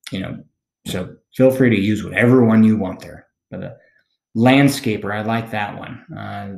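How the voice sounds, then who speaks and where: A man's voice: on the low side, gravelly, a little mellow. Casual man teaching, echoey room. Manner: casual, conversational explaining with frequent "okay?" check-ins. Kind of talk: recorded classroom lecture.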